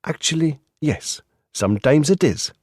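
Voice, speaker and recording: A man doing an earnest, measured lawyer. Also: on the high side, expressive, a little mellow, dry recording, studio quality, pitched above the performer's own voice. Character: earnest, principled male community lawyer.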